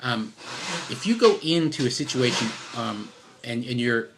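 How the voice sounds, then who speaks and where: A man's voice: mid-range voice, lively intonation, measured pace, background noise. A middle-aged man at home giving casual life advice in a rambling, unscripted way, full of fillers and restarts and self-deprecating asides. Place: at home with his dog.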